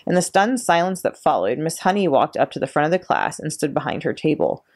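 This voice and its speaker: Woman reading a bedtime chapter book, low voice, lively and expressive. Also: a little fast. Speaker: children's librarian reading aloud. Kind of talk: children's story read-aloud.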